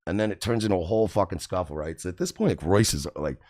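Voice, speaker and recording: A man hosting a radio show, telling a story in a casual, profane, animated way. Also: deep voice, quick pace. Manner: profane, animated, acts out quotes.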